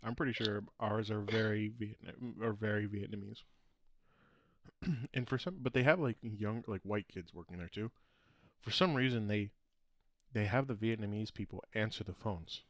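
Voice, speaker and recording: A male podcast co-host with a lowish voice tells stories at normal speed in casual chat, rambling, laughing through his own tales and trailing off mid-sentence. The recording is dry and close, with no room sound.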